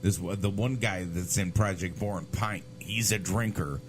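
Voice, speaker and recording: A man's voice: sits low, a little slow, faint music behind. A man co-hosting a casual podcast, telling rambling road stories full of swearing and fillers. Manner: rambling storyteller, swears a lot. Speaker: podcast co-host. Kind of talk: casual chat.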